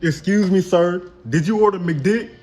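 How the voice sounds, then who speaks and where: A man's voice: sits high, a little slow, a little mellow, soft background music, voice pushed up. A man voicing a brash, pushy male delivery driver with insistent salesman patter.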